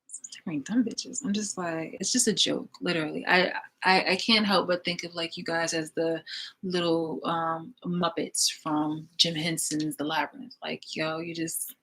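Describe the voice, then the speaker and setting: Woman, exasperated rant, profane, filler-heavy, slightly low voice, loud then muttered. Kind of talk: ranting vlog monologue.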